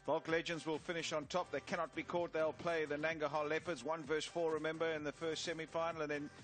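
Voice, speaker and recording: A man's voice: fairly high pitch, little pitch movement, fast, fairly bright tone, soft background music. A man presenting a cricket broadcast, talking casually with frequent fillers. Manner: chatty, filler-heavy presenting. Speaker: cricket commentator. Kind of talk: broadcast sports commentary.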